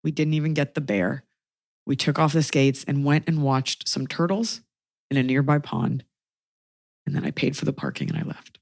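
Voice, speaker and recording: A woman's voice: rumbling low, animated, moderate pace, vocal fry, a little mellow, no room sound, clean studio sound. A woman in her thirties hosting a podcast, telling a comic story in a sarcastic, exasperated way. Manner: sarcastic, exasperated anecdotes with quoted asides. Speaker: podcast host. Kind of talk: comedic storytelling chat.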